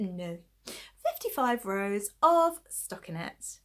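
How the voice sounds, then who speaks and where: A woman's voice: on the high side, sing-song, unhurried. A woman chatting casually about her knitting projects late at night, tired and yawning, rambling and poking fun at herself as she shows her work. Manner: chatty and rambling, self-deprecating, giggly. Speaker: knitting podcast host. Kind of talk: casual chat showing knitting to camera.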